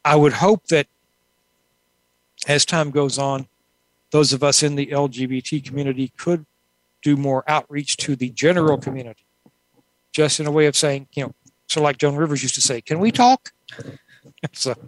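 A woman's voice: low voice, fairly even intonation, normal speed, pauses often, no room sound, low-quality recording. Woman guest in an interview, rambles thoughtfully, dry and close. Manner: thoughtful, rambling, with many asides. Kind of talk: casual conversational interview.

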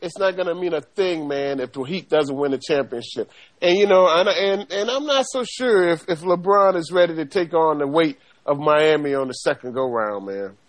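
A man's voice: fairly high pitch, normal speed. A man with a Southern accent co-hosting a sports talk show, emphatic and folksy, calling everyone "man". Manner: emphatic, folksy, repeats 'man'. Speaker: co-host.

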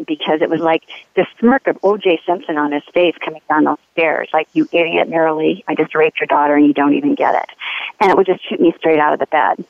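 A woman's voice: lowish voice, creaky, no room sound. A woman giving an earnest personal testimony as a mother, telling her story with urgency. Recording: tinny phone line.

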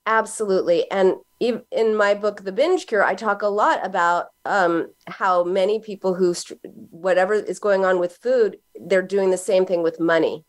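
A middle-aged woman speaks as an interview guest in a mid-range voice. She tells stories in an animated way, laughing as she goes. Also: medium pitch, moderate pace, few pauses. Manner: animated storyteller, acts out quoted voices with a laugh. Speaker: psychoanalyst guest. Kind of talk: casual interview talk.

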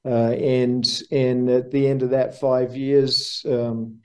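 A man in his sixties from Australia with an Australian accent, answering interview questions in an easygoing, halting way with many restarts. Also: medium pitch, little pitch movement. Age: 60s. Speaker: guest, banking marketer.

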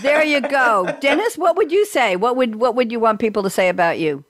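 A woman's voice: fairly high pitch, expressive, fairly quick, no room sound, studio quality. A woman hosting a talk show, chatty and joking as she runs through a list of holidays. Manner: chatty, jokey, reads lists of holidays. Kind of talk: lively radio talk show banter.

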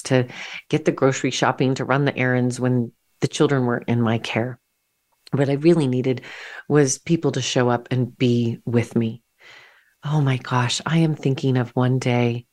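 A woman in her fifties, a divorce coach and podcast host, telling a personal story in a candid, reflective way. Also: a bass voice. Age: 50s.

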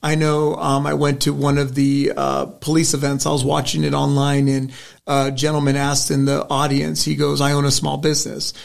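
Earnest middle-aged man, gravelly voice. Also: medium pitch, completely flat delivery, normal speed. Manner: earnest, storytelling with many restarts. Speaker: state senate candidate. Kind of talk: interview answer, conversational.

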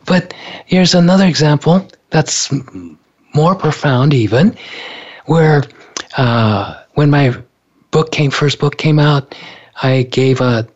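A man's voice: fairly high pitch, takes it slowly, long pauses, a little mellow, muffled recording. A male author telling a personal story in conversation, earnest, and often repeating words as he recalls events. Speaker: author and speaker.

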